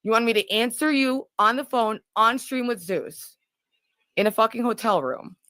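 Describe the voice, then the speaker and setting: A woman's voice: on the high side, moderate pace, a bit bright, dry recording, studio quality. A woman arguing on a stream clip, defensive and exasperated. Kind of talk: heated stream argument.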